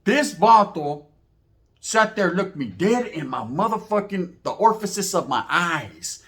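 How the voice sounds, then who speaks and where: A man tells a story in casual, slangy talk, his voice sitting a little high. He keeps it animated and acts out the people in the story as he goes. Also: moderate pace. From Merced, California.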